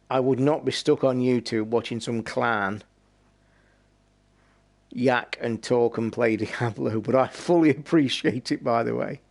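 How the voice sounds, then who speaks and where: A man's voice: medium pitch, measured pace, darkish tone. A tired British man chatting casually and rambling, with occasional swearing, as he wraps up his game live stream. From Britain.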